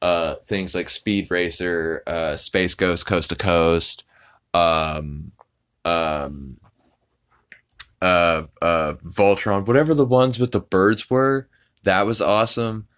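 A man's voice: low voice, steady tone, slow pace, a bit bright, smooth. A man hosting a podcast, casually recapping an episode in a rambling way full of fillers and restarts. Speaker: podcast host.

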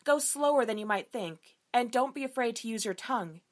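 A woman's voice: on the high side, animated, a little fast, natural voice. A woman reading as a bold, frank heroine.

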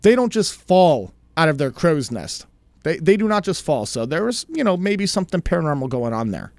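A man's voice: on the high side, big pitch swings, normal speed, darkish tone, no room sound. A man co-hosting a podcast, telling a story in a chatty, casual way and laughing easily. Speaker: podcast co-host.

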